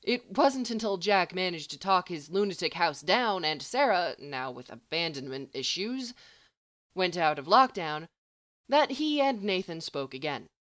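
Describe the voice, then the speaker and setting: A woman narrates a story with an expressive reading style. Her voice sits slightly low. The recording is dry and close, with no room sound. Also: a little slow, no echo.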